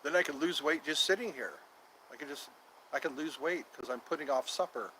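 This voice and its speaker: A man's voice: on the high side, brisk, bright, forceful tone, a little hiss or hum, low-quality recording. A man hosting a casual livestream from outdoors in the cold on his phone, rambling and repeating himself as he talks to viewers. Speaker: livestream host.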